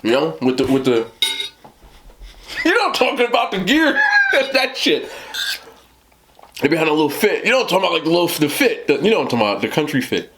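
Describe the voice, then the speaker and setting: This mukbang host, a thirties-aged man from New Jersey by his accent, rambles through a story on camera and keeps laughing and tossing in "you know what I'm talking about." He talks fast in a bright, forceful, highish voice whose pitch swoops wildly, pausing often over faint background noise.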